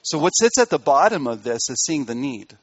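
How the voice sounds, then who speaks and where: A man preaching a sermon in an earnest way, building to emphatic peaks and then dropping to quiet asides. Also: mid-range voice, big pitch swings, fairly quick, no echo, lo-fi sound. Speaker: pastor.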